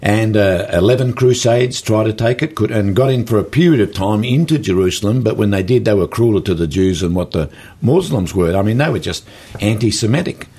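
A man with an Australian accent, a guest author telling folksy stories in an animated way during an interview. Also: on the low side, brisk. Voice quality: gravelly, husky. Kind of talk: storytelling interview talk.

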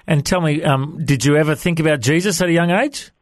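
A man's voice: on the high side, fairly quick, no echo. A man hosting a religious interview program, introducing his guest with some hesitation and fillers. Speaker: host.

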